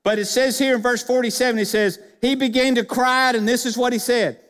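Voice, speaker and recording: A man with a high-pitched voice delivers a sermon as pastor to his congregation. He speaks emphatically and keeps asking the church to look closely and notice. His words echo through a long church reverb. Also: steady tone, a little fast, a bit bright, clear, resonant tone. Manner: emphatic, addresses the church directly with questions. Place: church sanctuary.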